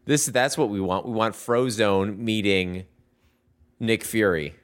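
A man's voice: fairly low pitch, slow pace, clean tone. A man co-hosting a gaming podcast, chatting in a laid-back way with dry jokey asides. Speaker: podcast co-host. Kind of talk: casual chat about video games.

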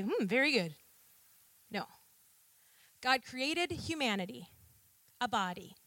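A woman delivers a sermon in a high, bright voice that rises and falls with lively, animated energy. She takes her time and leans on rhetorical questions and call-and-response with the congregation. The sound is close and dry. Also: no room sound. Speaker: preacher.

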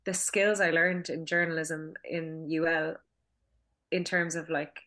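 A Cork Irish woman in her thirties talks through her filmmaking career from home, in a relaxed interview. Her voice sits fairly low but comes across bright and forceful. She rambles easily, restarting phrases and filling gaps with fillers. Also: unhurried. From Cork, Ireland. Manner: chatty, many restarts and fillers, laughs often. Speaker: filmmaker and acting school director. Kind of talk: casual interview chat.

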